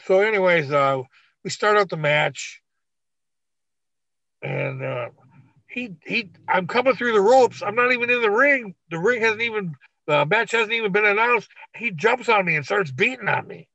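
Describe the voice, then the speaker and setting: A middle-aged man with a gravelly, husky voice pitched a little high, swearing freely as he tells wrestling stories in a blunt, animated way. The recording is dull and lo-fi, with a dry, close sound. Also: moderate pace, no room sound. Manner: blunt, profane, animated storytelling. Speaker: retired pro wrestler guest. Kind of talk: casual storytelling interview.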